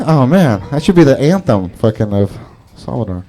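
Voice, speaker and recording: A man's voice: on the high side, big pitch swings, a little fast, few pauses, darkish tone, a little hiss or hum. A man doing open mic stand-up, rambling and profane, laughing at his own jokes. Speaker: stand-up comedian. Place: comedy club stage.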